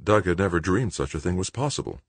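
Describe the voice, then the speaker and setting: A man narrating an audiobook in a steady, even storytelling manner. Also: deep voice, fast talker, slightly rough, no echo. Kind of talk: scripted narration.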